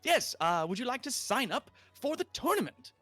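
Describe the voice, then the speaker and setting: A man's voice: very high voice, big pitch swings, moderate pace, bright, forceful tone, faint music behind, voice pushed up, exaggerated voice. A man voicing a fussy, eager male tournament clerk in a tabletop game, repeating his words. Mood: polite.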